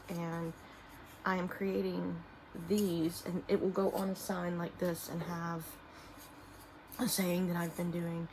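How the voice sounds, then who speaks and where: A middle-aged woman talks casually to the camera about her handmade products, often pausing and trailing off with fillers. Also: fairly low pitch, background noise. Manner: halting, many fillers and trailing restarts; soft-spoken and emotional at times. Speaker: small business owner and artist. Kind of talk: casual vlog talking to camera while showing products.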